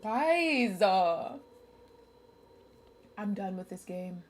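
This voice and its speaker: A young woman streaming a game, talking to her chat, loud, emotional and profane, laughing often. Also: medium pitch, expressive, very slow, a little hiss or hum.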